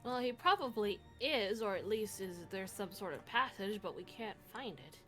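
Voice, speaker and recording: A woman's voice: medium pitch, lively intonation, normal speed, bright, forceful tone, soft background music. A woman playing in a tabletop game, curious and playful in casual chat. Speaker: player.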